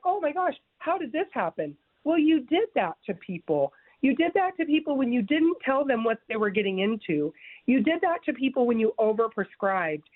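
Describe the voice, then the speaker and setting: A woman's voice: a little high, no room sound. A woman giving an interview about her own experience, speaking earnestly and with emphasis, often restarting her words. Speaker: guest sharing her story. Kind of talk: interview, personal testimony. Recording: dry, phone-like narrow sound.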